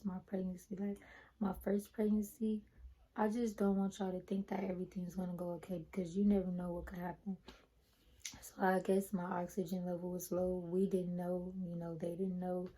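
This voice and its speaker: A young woman vlogger chatting casually to her viewers, retelling a personal story in an animated way. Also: lowish voice, moderate pace, poor audio.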